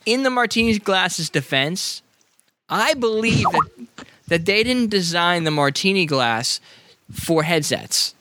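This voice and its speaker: Animated, bright-voiced tipsy man rambling. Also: sits high, measured pace. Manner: rambling, profane, joking. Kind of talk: casual chat.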